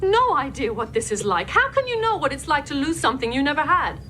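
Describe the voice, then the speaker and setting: A woman's voice: sits high, very animated, brisk, sharp tone, faint music behind, full character voice. An actress playing a distraught woman ship's counselor in a TV drama, lashing out with raw accusation. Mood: hurt, accusing. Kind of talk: TV drama acting.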